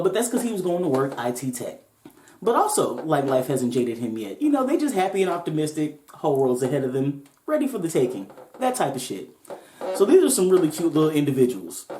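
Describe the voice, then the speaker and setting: A woman's voice: on the low side, mellow, a little hiss or hum. A woman hosting a podcast, telling a story in a laid-back, profane way with joking asides, in a roomy-sounding recording. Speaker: podcast host. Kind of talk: casual storytelling. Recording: roomy echo.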